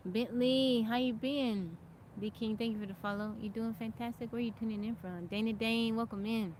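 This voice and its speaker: A woman's voice: on the high side, fairly even intonation, normal speed, a little mellow, a little hiss or hum. A woman hosting a casual live stream outdoors, chatting and greeting viewers by name as they join, and thanking them. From America. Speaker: livestream host. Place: outdoors in nature.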